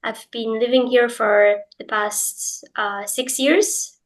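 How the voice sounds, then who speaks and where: Glaswegian lady chatting away, bit high pitched, lots of um and like. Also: steady tone, slow, low-quality recording. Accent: Glaswegian Scottish. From Scotland, Glasgow. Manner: chatty, many fillers and hedges. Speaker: guest, English teacher. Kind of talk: casual interview chat.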